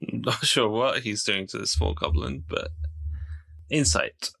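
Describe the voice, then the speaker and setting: A man's voice: lowish voice, lively intonation, measured pace, creaky, sharp tone. A man playing a tabletop game, chatting casually and hesitantly with chuckles. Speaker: player.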